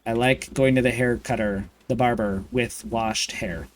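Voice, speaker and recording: A man chatting casually and campily while streaming a video game, with playful swearing and excited bursts. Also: mid-range voice, measured pace, slight background noise. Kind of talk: casual gaming livestream chat.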